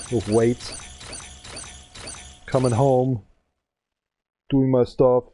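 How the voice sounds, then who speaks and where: A man's voice: medium pitch, steady tone, very slow, mellow. A man in his thirties giving rambling, complaining gameplay commentary in broken English. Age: 30s. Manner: speaking with a cigarette in his mouth. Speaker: gaming channel host.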